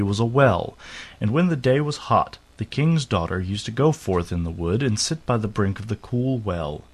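A man narrating a fairy tale aloud in a steady, unhurried storytelling manner. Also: medium pitch, breathy edge.

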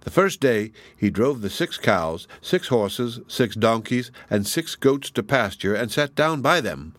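A man narrating an old folk tale aloud in a lively storybook reading. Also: medium pitch, unhurried, dry recording.

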